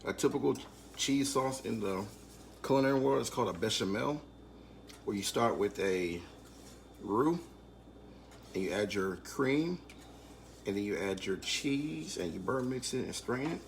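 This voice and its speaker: A man leading a live online cooking class, calmly explaining each step. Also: mid-range voice, unhurried, long pauses, a little hiss or hum. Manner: calm step-by-step instruction.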